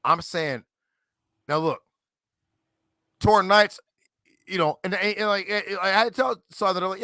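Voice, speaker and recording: A man's voice: sits high, moderate pace, creaky, bright, forceful tone, no echo, clean studio sound. A man in his forties talking on a livestream panel, emphatic and combative, boasting and swearing as he argues. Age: 40s. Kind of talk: heated livestream chat.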